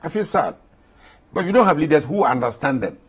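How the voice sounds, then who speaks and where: A man's voice: on the high side, animated, fairly quick, slightly rough. A man in his eighties with a Ghanaian accent, an interview guest speaking with passion and repeating points for emphasis. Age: 80s. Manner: impassioned, repeats himself for emphasis.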